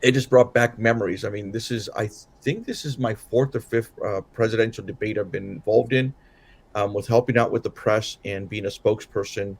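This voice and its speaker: A man with a fairly low voice co-hosts a casual political podcast, worn out after a late night. He rambles, restarting his sentences and leaning on fillers as he recaps the evening. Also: fairly even intonation, brisk, breathy edge. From Southern California. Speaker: podcast co-host.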